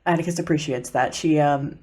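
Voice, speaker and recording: A woman's voice: low-pitched, brisk, mellow, breathy edge. A woman narrating as game master of a tabletop game, loose and chatty with frequent laughs.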